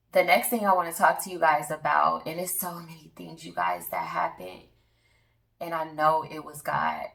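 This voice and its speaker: A woman's voice: deep voice, creaky, fairly bright tone, echoey room, distant mic, rough recording. A woman in her thirties telling an earnest personal testimony to her viewers, speaking emphatically and addressing them directly. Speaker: vlogger.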